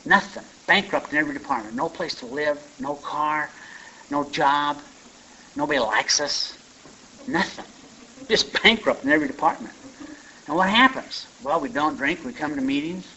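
A man's voice: on the high side, pushed and bright, a little hiss or hum. A man speaking at a recovery meeting, sharing his story in a folksy, conversational way with lots of asides to the room. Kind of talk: personal share talk. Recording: muffled lo-fi recording.

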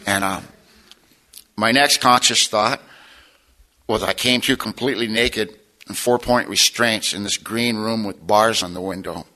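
A man's voice: fairly low pitch, unhurried, sharp tone, rough recording. A middle-aged man sharing his personal testimony at a recovery meeting, plainspoken and folksy with wry humor.

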